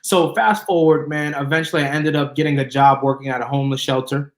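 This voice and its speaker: A man's voice: fairly high pitch, fairly even intonation, fast. Earnest young man telling his story. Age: 20s. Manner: earnest, drawling, plays the people he quotes. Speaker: guest. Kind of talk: casual interview storytelling. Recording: roomy echo.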